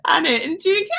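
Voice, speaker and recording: Giggly bright-voiced Welsh woman. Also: very high-pitched, creaky, poor audio. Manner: giggly, chatty, reading out live comments. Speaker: book channel host. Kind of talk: casual livestream chat.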